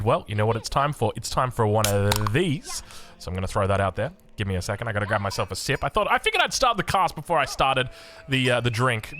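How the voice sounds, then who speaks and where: A man with an Australian accent casting a strategy game in excitable, chatty commentary. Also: mid-range voice. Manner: excitable, animated, chatty, laughs often. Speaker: game caster.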